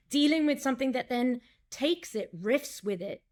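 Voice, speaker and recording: A woman director and acting coach in a casual interview, talking in an animated way, acting out lines and quotes, with many restarts. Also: sits high, moderate pace.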